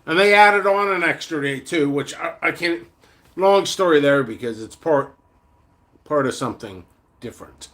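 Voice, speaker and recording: A man's voice: on the high side, expressive, normal speed, a bit bright. A middle-aged man who sells seeds, ranting angrily in a vlog with a lot of profanity, blunt and rambling. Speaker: seed vendor. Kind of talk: vlog rant to camera.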